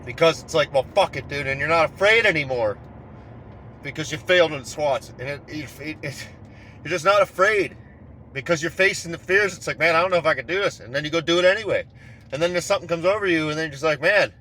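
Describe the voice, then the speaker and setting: A man's voice: a little high, fast, bright, forceful tone, slight background noise. A man giving a casual, rambling motivational talk, swearing constantly and speaking with raw intensity.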